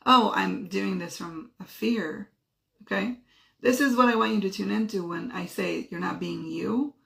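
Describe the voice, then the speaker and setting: A woman in her thirties tells a personal story straight to the camera in an easygoing, lively way. Her voice has a gravelly, fried edge, and she jumps up high to act out other people's lines. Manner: animated, acts out quotes with shifting pitch. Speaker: host.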